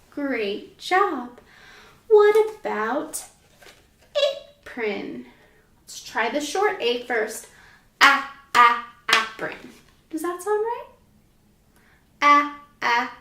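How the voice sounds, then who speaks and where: Slow, high-voiced teacher in an echoey room. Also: female voice, fairly bright tone. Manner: slow, sing-song, encouraging. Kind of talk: children's phonics lesson. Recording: echoey room, mic at a distance.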